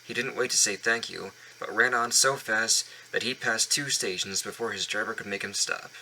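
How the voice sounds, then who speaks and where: A man reads a children's story aloud, stumbling now and then and going back over words. His voice sits fairly low but comes across bright and crisp, recorded at home. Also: moderate pace, a little hiss or hum, low-quality recording. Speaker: reader of a children's book. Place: home basement.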